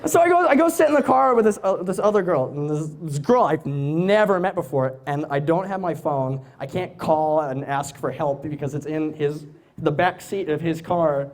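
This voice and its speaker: A man's voice: a little high, normal speed, slight background noise. Rambling young man telling stand-up stories. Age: young adult. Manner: rambling, self-mocking anecdotes with frequent restarts. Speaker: stand-up comedian. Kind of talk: live stand-up storytelling. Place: stage before a laughing audience.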